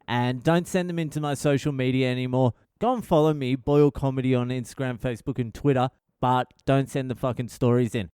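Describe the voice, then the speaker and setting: Speaking at a medium pitch with a clean, slightly mellow tone, this Australian podcast host is middle-aged and recorded in the studio with no echo. His casual storytelling monologue is rambling, blunt, and full of swearing.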